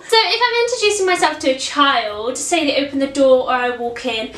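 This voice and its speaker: Young woman, casual vlog chat, high-pitched, echoey and distant. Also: fairly quick, hardly any pauses, a bit bright. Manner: chatty, repeats words for emphasis. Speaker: children's party princess performer. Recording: roomy echo, mic at a distance.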